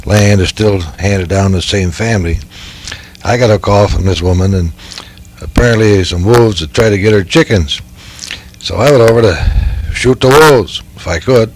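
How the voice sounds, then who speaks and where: A man's voice: fairly low pitch, a little hiss or hum, rough recording. An older man, dictating rambling folksy stories about his years as a game warden and stringing them along with "anyway". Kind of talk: dictated storytelling.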